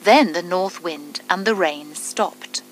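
A woman reading a children's story aloud, calm and deliberate, with clearly spaced phrases. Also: on the low side, soft background music, low-quality recording.

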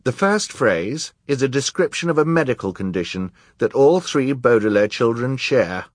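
A man's voice: medium pitch, lively intonation, moderate pace, no room sound, studio quality, voice pushed up, natural voice. A man voicing an earnest, riddling male librarian in a storybook reading.

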